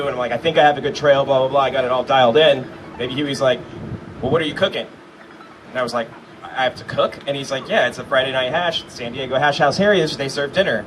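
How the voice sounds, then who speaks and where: Man telling a laid-back story from afar. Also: mid-range voice. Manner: self-deprecating, laid-back. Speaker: speaker at a memorial. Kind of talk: anecdotal storytelling to a crowd. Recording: distant mic with background noise.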